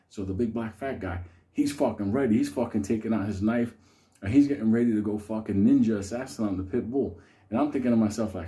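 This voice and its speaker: A man's voice: fairly low pitch, fast, warm tone. A man telling a rambling, profane story in a casual way, often breaking into laughter. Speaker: host.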